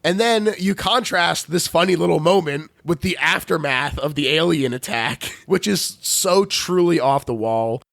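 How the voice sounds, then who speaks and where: Gravelly-voiced man recapping a horror movie. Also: a little high, measured pace, few pauses, a bit bright, no room sound. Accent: Philadelphia. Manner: laughs often, swears, playful recapping. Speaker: podcast host. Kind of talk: casual movie recap chat.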